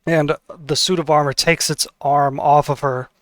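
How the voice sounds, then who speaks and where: A man's voice: on the high side, steady tone, normal speed, fairly bright tone, no echo. Hesitant man running a tabletop game. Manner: hesitant, with many fillers. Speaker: game master.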